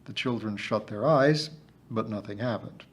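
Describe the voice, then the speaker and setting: A man calmly reading a children's story aloud as narrator. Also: fairly low pitch, normal speed, husky. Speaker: reader.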